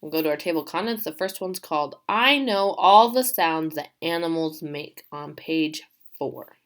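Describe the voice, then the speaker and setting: A woman teacher giving a remote class, reading a story aloud and asking her pupils questions in an animated way. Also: sits low, moderate pace.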